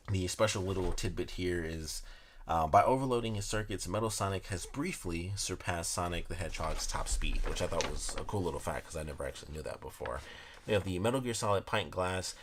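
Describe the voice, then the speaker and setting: A man's voice: deep voice, a bit bright, slight background noise. A young man casually chatting through an unboxing, reading product blurbs aloud between rambling asides. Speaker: unboxing video host.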